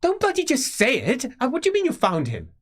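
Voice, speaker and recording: A man's voice: huge pitch swings, fast, full character voice. A man voicing an exasperated elf nephew. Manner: low and hushed, then rising to near shouts. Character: stern male elf nephew, older, exasperated.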